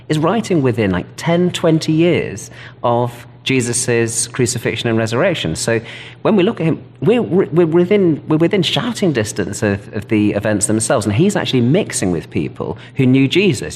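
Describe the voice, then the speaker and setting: A man's voice: mid-range voice, darkish tone, big-room sound. A British man, a Bible scholar, explaining history thoughtfully and enthusiastically in an interview. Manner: thoughtful, enthusiastic, self-correcting. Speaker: New Testament scholar, interview guest.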